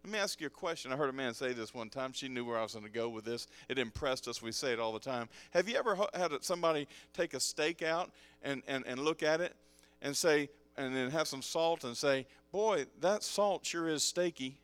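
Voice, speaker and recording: A man's voice: mid-range voice, expressive, fairly quick, fairly bright tone, smooth, no echo. A male pastor preaches a sermon to his congregation, calling out for responses and mixing in jokes and casual asides. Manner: joking, conversational asides. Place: church sanctuary with congregation.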